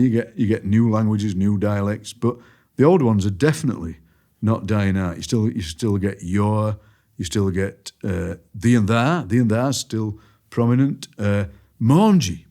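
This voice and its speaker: A man with a Barnsley Yorkshire accent, a poet chatting as a podcast guest and telling lively anecdotes. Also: lowish voice, moderate pace. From Barnsley, England. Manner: lively, storytelling, drops into quoted voices. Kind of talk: casual conversation.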